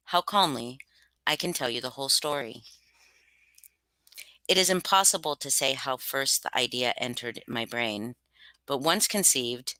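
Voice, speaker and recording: A woman reading aloud as a nervous, insistent madman narrating a horror tale, slow and measured. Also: rumbling low, bright, forceful tone, no room sound, heavily acted, low-quality recording. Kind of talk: dramatic reading of a horror story.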